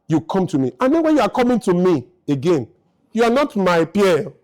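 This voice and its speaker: A man's voice: high-pitched, sing-song, fairly quick, a little mellow. A man in his fifties giving a motivational lecture to a live audience, emphatic and firing rhetorical questions. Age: 50s. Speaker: speaker.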